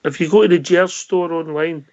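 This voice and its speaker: A man's voice: on the high side, steady tone, moderate pace, a little mellow. A Scottish man hosting a casual call-in show, matey and chatty with callers. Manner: matey, calls everyone mate. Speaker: host. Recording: dull lo-fi online audio.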